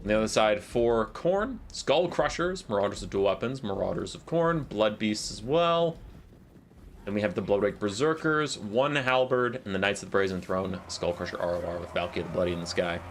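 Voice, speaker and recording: A man casting a live strategy game match, calling the action in quick play-by-play and joking with his chat. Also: fairly low pitch, lively intonation, a little hiss or hum. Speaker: esports caster.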